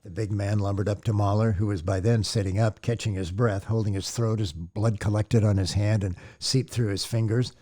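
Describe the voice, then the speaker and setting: A man narrating an audiobook in a measured, descriptive storytelling manner. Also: lowish voice, steady tone, warm tone. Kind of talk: scripted narration.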